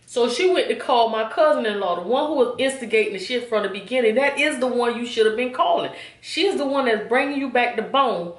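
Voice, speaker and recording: A woman in her forties tells a story to her viewers in a chatty, animated way, often pausing to check in with them. Her voice sits a little high. The recording has a roomy echo. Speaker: vlogger. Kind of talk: casual storytime.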